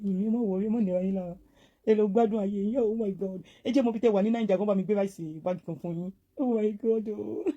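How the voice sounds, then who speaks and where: A woman's voice: medium pitch, fairly even intonation, very fast, warm tone, highs cut off. Gushing overjoyed woman in a video clip. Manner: gushing, overjoyed, tearful, repeats "oh my God". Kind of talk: emotional social media clip.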